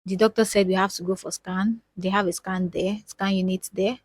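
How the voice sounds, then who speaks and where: A woman's voice: mid-range voice, flat delivery, moderate pace, no echo. A young woman with a Nigerian accent, speaking emotionally and repeating words for emphasis as she tells a personal story to her viewers. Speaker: vlogger.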